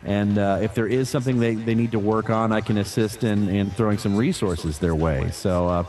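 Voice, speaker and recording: A man who works as a voice actor, answering interview questions in a relaxed, chatty way with frequent fillers and restarts. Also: lowish voice, normal speed.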